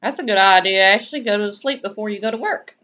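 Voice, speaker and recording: Answering viewer comments on her live stream, this Southern-accented woman drawls in a relaxed, casual way. Still, her medium-pitched voice comes across bright and forceful, and she talks fairly quickly. The stream audio is dull and lo-fi.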